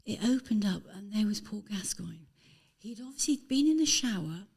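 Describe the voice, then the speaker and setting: A woman guest on a podcast, chatting casually and telling lively, animated stories, with apologetic asides. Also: medium pitch, normal speed, gravelly, breathy edge. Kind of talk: casual anecdotal interview chat.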